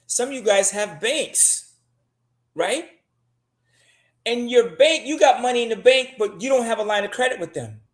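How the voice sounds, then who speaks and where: Blunt, cursing man in a roomy echo. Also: sits high. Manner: blunt, profane and emphatic. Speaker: guest giving credit advice. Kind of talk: casual advice talk.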